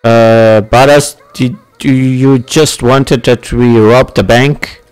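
Slow-talking young man doing game commentary. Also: mid-range voice, steady tone, clean tone, soft background music. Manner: laughs often, non-native phrasing. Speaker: gaming channel host. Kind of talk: casual let's-play commentary.

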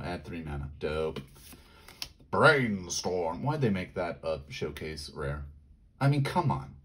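A man giving casual commentary while opening card packs. He rattles off card text quickly and yelps in high bursts when he gets excited. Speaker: card pack opener.

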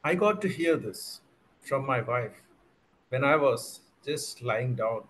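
A man's voice: mid-range voice, expressive, slow pace, fairly bright tone, slight background noise, poor audio. A man giving a jovial impromptu speech over a video call, swinging his voice for emphasis. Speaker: impromptu speaker at a club meeting.

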